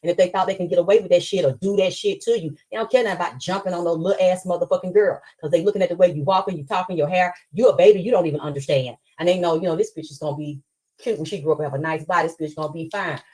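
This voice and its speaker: Low-voiced woman on an angry rant. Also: a little mellow, low-quality recording. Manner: angry, profane, rapid storytelling. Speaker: live stream host. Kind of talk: angry live stream rant.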